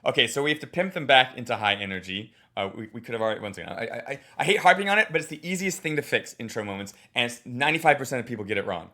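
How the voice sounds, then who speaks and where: A comedy teacher with a medium-pitched voice races through a blunt, animated critique of a recorded set, leaving few pauses. He swears and acts out both the audience and the comedian to drive his points home.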